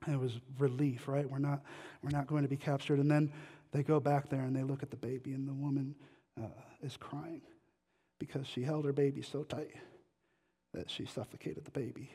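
A man's voice: mid-range voice, level tone, normal speed, mellow, slightly rough. A man preaching a sermon to a congregation, telling stories in a conversational way and asking the listeners questions. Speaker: guest pastor. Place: church sanctuary. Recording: long hall reverb.

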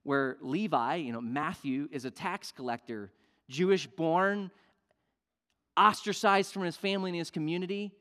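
A male pastor preaching a sermon, emphatic, swinging between loud declarations and hushed asides. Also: fairly high pitch, normal speed. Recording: long reverb of a large hall.

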